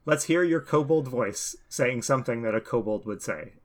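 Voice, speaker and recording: A man's voice: medium pitch, animated, normal speed. Wry man hosting a podcast. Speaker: podcast host. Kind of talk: casual podcast chat, quizzing co-hosts.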